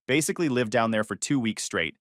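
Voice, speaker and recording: A man's voice: mid-range voice, animated, a little fast, fairly bright tone, no room sound, studio quality. A man narrating a first-person story in a casual, conversational way, with sarcastic asides.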